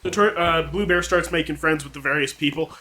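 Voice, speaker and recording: A man's voice: fairly high pitch, fairly quick, sharp tone. A young adult man telling a long story in casual chat, rambling and profane.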